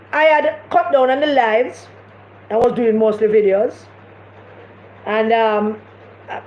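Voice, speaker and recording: A woman with a Jamaican accent giving impassioned political commentary on a live stream, repeating her points with emphasis. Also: fairly high pitch. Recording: echoey room, dull lo-fi sound, faint noise.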